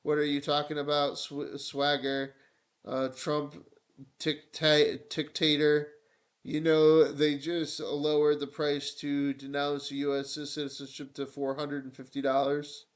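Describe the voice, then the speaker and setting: A man's voice: fairly high pitch, completely flat delivery, measured pace. A man live-streaming political commentary, irreverent and mocking, breaking into whiny put-on voices.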